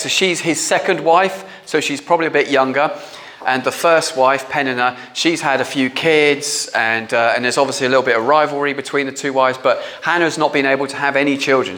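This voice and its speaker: A man's voice: medium pitch, sharp tone. A man preaching a conversational sermon, talking in a chatty, informal way with filler words.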